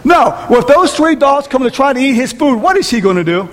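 Male pastor, very high voice, emphatic sermon delivery, reverberant church hall. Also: very animated, brisk, a bit bright. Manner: emphatic preacher, questions to the congregation. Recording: reverberant hall with faint noise.

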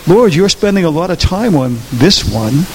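A man's voice: a little high, very animated, normal speed, darkish tone, a little hiss or hum, low-quality recording. A man preaching a Mother's Day sermon in church, telling stories and asking the congregation questions. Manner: asks the congregation questions, storytelling. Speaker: pastor.

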